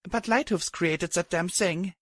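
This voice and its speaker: A man's voice: high voice, unhurried, a bit bright, no room sound, clean studio sound, voice pushed up. A man voicing a tired, sighing young mare pony. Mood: weary. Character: weary young mare pony, blunt and guilt-ridden.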